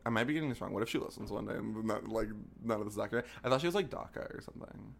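A man's voice: lowish voice, rapid-fire, creaky, slight background noise. A young man co-hosting a podcast in casual chat, rambling and hesitant with lots of filler words. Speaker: podcast co-host.

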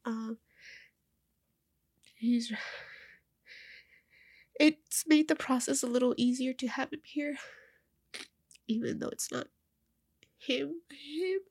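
A young woman talks haltingly through tears in a personal vlog, her voice stuffy and slightly high. A gravelly creak runs through her speech, which often stalls and repeats words. The recording is dry and close. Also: darkish tone, no echo. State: crying, stuffy-nosed.

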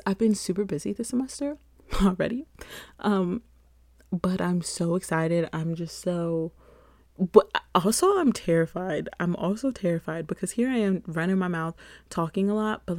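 A woman's voice: medium pitch, dark tone, no echo, clean studio sound. A young adult woman hosting a solo podcast, rambling in a chatty, self-deprecating way with frequent laughs. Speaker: podcast host. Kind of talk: casual solo podcast chat.

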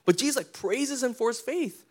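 Man, pastor, sermon, high voice, casual slangy preaching, asks the congregation questions. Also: expressive, normal speed.

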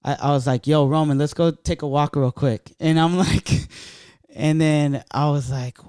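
A man telling a story in a casual podcast chat, animated and profane, acting out what people said. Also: a little high, unhurried, smooth, no room sound, clean studio sound. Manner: profane, animated, acts out quotes.

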